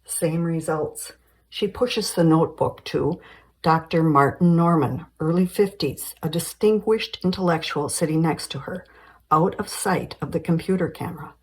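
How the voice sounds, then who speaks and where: A woman's voice: low-pitched, moderate pace, husky, low-quality recording. A woman screenwriter reading a screenplay aloud, giving stage directions plainly and evenly.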